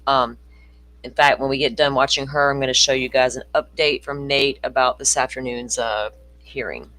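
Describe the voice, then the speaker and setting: A man's voice: mid-range voice, steady tone, normal speed, pushed and bright. A man hosting a livestream, talking casually to his chat and making blunt, mocking asides about the clip he is showing. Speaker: livestream host. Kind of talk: casual commentary.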